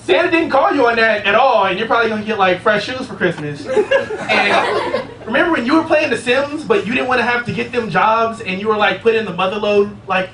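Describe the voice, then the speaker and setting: Young man, stand-up comedian, very high voice, profane rambling stories, distant roomy live recording, noisy club. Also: lively intonation, a little fast. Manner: casual, profane, rambling storytelling. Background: audience laughter.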